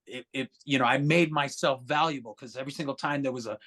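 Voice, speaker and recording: A man guest on a podcast, telling stories in a casual, animated way, swearing freely and acting out other people's voices. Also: medium pitch, fast talker, breathy edge. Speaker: musician guest.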